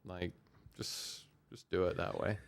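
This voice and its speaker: A man's voice: sits low, slow, gravelly, clear, resonant tone. Young man telling profane stories. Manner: profane, animated storytelling. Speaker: podcast co-host. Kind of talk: casual chat.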